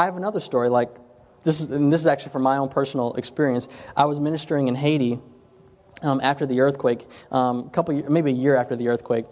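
A man's voice: mid-range voice, a little mellow. A man giving an informal health ministry talk to a group, telling stories in a conversational way and often repeating and restarting phrases. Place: room with chairs before a group. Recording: long hall reverb.

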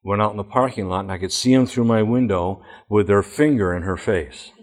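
A man's voice: lowish voice, fairly quick, a little mellow. A middle-aged man, a former school principal, giving a plain-spoken presentation full of emphatic anecdotes.

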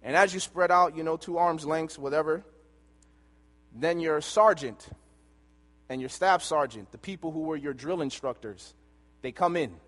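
A man preaching a sermon, telling a personal story and swinging between loud and hushed delivery. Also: a little high, moderate pace, pauses often. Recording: long hall reverb.

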